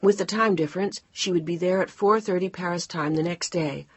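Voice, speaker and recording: Female audiobook narrator, low and husky, measured, dry studio read. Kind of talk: scripted narration.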